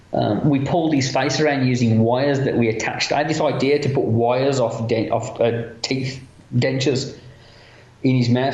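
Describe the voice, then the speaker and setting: A chatty man, a makeup effects artist, telling film-set stories in a casual interview and acting out the lines of other people. His voice sits in a middle range. The recording sounds roomy and a little dull. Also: medium pitch. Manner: chatty and animated, acts out quotes of other people.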